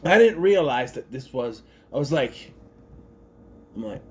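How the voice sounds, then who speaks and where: Rambling man with a lively voice. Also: mid-range voice, a little slow. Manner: rambling, self-correcting, thinks aloud with many restarts. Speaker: movie reviewer. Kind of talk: casual spoken movie review.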